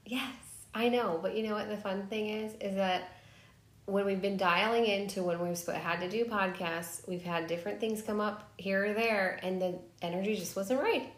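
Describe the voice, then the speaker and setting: A woman's voice: medium pitch, moderate pace, echoey room. A woman co-hosting a podcast in a playful, giggly, rambling casual chat. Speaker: podcast co-host.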